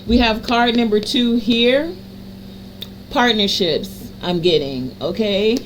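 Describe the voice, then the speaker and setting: A woman giving a card reading to a general audience, in a soothing, affirming voice that stacks phrases in repetitive lists and slows down to stress key words. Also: fairly high pitch, slight background noise, low-quality recording. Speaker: energy reader and healer.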